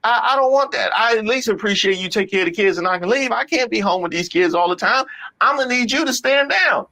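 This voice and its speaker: Animated woman reacting to clips. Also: fairly high pitch, fast. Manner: emphatic, repeats phrases, talks to viewers. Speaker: commentary host. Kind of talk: reaction commentary on viral clips.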